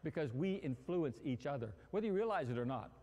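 A male pastor preaching a sermon in an animated, humorous way, acting out everyday scenes. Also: on the high side, a little fast, big-room sound. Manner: animated, acts out quarrels and phone calls with humor.

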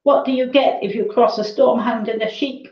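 A woman's voice: a little high, steady tone, normal speed, pitched above the performer's own voice, lightly acted. A woman putting on smug, mocking sheep. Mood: teasing. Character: smug joking flock of sheep. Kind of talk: reading a children's novel aloud. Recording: roomy, dull lo-fi sound.

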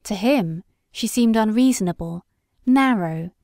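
A woman narrates a classic story in a measured, steady voice at a mid pitch. The recording is dry and close, with no room sound around her. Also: dry recording. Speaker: audiobook reader. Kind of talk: scripted literary narration.

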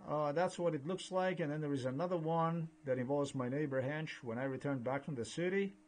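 Halting man. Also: fairly high pitch, slight background noise. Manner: halting, repetitive, earnest. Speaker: video blogger. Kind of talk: rambling vlog monologue.

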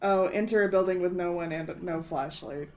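A woman's voice: on the low side, moderate pace, a loud crowd. A woman streaming a co-op horror game, chatting casually and organizing her teammates with frequent laughs. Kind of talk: casual gaming chat.

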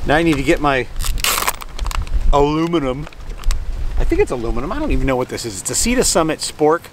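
Man, slightly higher voice, chatty and rambling, outdoor food review on camera mic, clear traffic noise behind. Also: animated, fairly quick, rough recording. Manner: rambling, chatty, jokey asides. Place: outdoors by the water, sitting near a road.

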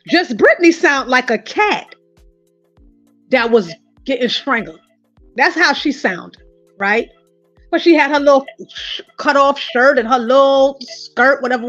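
A woman giving casual commentary, telling stories in a lively way and speaking directly to her viewers. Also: high voice, no room sound, highs cut off. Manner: animated storytelling, addressing viewers as "y'all". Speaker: online commentator.

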